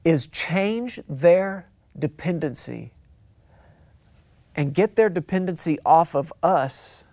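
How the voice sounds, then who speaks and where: A man's voice: fairly high pitch, a little mellow, no echo. A man preaching a sermon, talking conversationally, repeating phrases for emphasis and acting out quotes. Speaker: pastor.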